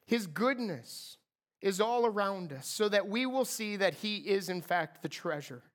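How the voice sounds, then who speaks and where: A woman's voice: medium pitch, lively intonation, measured pace. A woman preaching a sermon in an earnest, emphatic way, repeating key phrases for weight.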